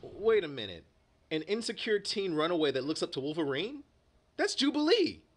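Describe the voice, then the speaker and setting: A man's voice: high-pitched, huge pitch swings, moderate pace. A man bantering in a comedic review, dismissive and nitpicking. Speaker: co-host critic.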